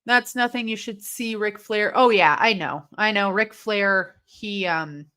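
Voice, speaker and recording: A young woman hosting a live watch-along stream, reacting aloud to a match with excitable, swearing commentary. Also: mid-range voice, unhurried, clean tone. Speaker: livestream host.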